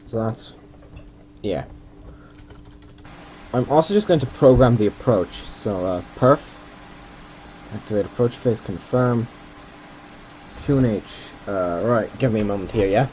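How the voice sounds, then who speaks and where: Man from Ireland, casual game host, dark mellow voice, faint hum in the background. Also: lowish voice, animated, measured pace, pauses often. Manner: rambling, self-deprecating, thinking aloud. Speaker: gaming video host. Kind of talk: casual gameplay commentary.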